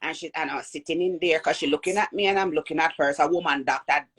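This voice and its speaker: A woman with a Jamaican accent telling a personal birth story in an animated way, acting out the voices of people she quotes. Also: low-pitched, quick pace, breathy edge. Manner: animated, acts out quoted voices, repeats and restarts.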